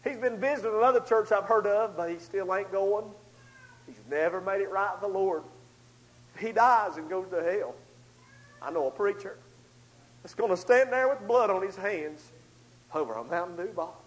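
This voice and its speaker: A man preaching a storytelling sermon, swinging between loud outbursts and hushed asides. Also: sits high, moderate pace, pauses often, low-quality recording.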